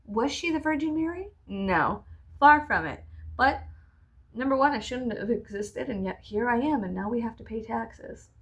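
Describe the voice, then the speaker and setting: A woman's voice: fairly high pitch, animated, moderate pace. A woman in her thirties telling a rambling, profane, sarcastic story-time vlog while doing her makeup. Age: 30s. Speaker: vlogger.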